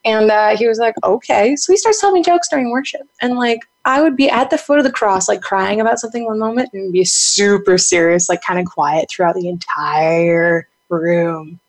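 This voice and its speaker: A woman guest telling a casual story in an animated way, with many fillers. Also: medium pitch, moderate pace, hardly any pauses. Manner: animated, chatty, full of fillers and laughs.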